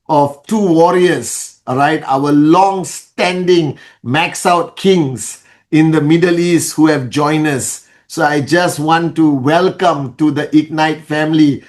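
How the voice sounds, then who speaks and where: A man leading a network marketing team, talking live to followers around the world in an energetic, chatty way, with fillers and restarts. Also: a little high. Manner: energetic, greets viewers in many languages. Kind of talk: live-stream address to followers.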